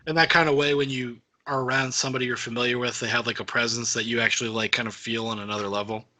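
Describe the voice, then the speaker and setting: A man's voice: mid-range voice, flat delivery, fast, pushed and bright, a little hiss or hum. A young man co-hosting a casual podcast chat, rambling with many fillers as he thinks aloud. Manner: rambling, filler-heavy musing. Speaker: podcast co-host.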